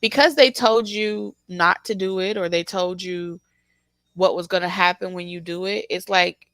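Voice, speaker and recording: A woman giving a casual, animated tarot reading, teasing the listener and laughing often. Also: fairly low pitch, normal speed, no room sound. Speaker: tarot reader.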